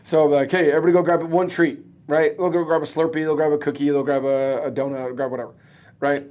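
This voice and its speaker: A man's voice: on the high side, little pitch movement, fast talker, a little mellow. A man talking bluntly and emphatically in a casual podcast conversation, swearing freely as a guest. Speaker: guest, roofing business owner and coach.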